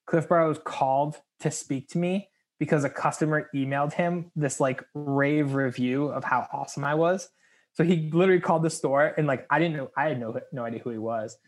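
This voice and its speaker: Young podcast guy telling a work story, slightly high voice, laughs a lot, does the voices. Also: fairly quick. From United States. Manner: animated, laughing, acts out quoted voices. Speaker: podcast co-host. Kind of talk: casual storytelling chat.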